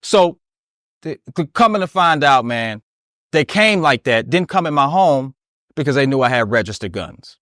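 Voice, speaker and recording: A man's voice: mid-range voice, moderate pace, dry recording, clean studio sound. A man, a military veteran, telling a story in an interview and acting out the dialogue as he goes. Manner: animated retelling that acts out dialogue, often asks "you know what I mean?". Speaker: interview guest.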